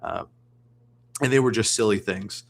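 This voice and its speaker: A man's voice: on the low side, moderate pace, gravelly, a little hiss or hum. A man chatting casually as a guest on a livestream, rambling with many restarts. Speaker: guest streamer.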